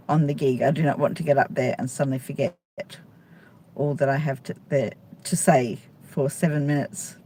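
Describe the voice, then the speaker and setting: A middle-aged woman with a lowish voice rambles cheerfully to her live-stream viewers. She speaks into a phone held out at arm's length on a city street, with faint street ambience behind her. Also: darkish tone, a little hiss or hum. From Australia. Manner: rambling, chatty, playful with viewers. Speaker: stand-up comedian live streaming. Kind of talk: casual live chat.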